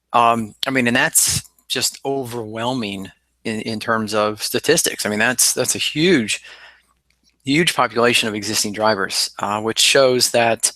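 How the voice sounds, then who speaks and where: Guy on a car podcast rambling thru stats, lots of ums, bright voice, dry mic. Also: mid-range voice, no room sound. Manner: rambling, many ums and restarts. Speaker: podcast co-host. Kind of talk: casual podcast talk.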